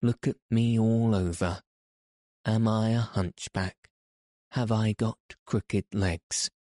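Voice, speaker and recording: A man's voice: low-pitched, level tone, slow, mellow, no room sound, clean studio sound. A man voicing a proud, commanding boy who gives orders in an imperious way. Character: proud, imperious sickly boy, young master.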